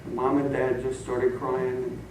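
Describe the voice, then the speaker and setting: A middle-aged pastor's sermon unfolds as animated storytelling punctuated by his own laughter. He speaks at a measured pace in a mid-range voice, heard from far off in an echoey church sanctuary with a noisy background.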